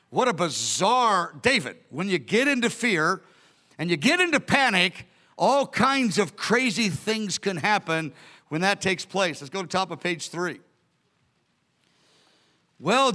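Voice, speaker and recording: A male pastor preaches a sermon in a high, lively voice. He tells the story animatedly and acts out its scenes. His tone is bright and forceful.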